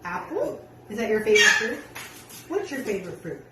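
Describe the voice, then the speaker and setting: A woman's voice: medium pitch, sing-song, brisk. A woman coaxing her pet parrot to talk, with sing-song praise and frequent laughter. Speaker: parrot owner. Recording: echoey room, far from mic, loud noise.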